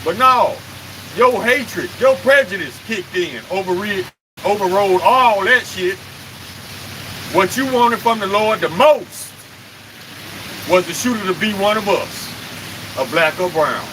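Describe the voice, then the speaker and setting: A man's voice: high voice, animated, a little slow, pauses often, background noise. A man preaching on a live stream, emphatic and confrontational, firing off rhetorical questions and cursing.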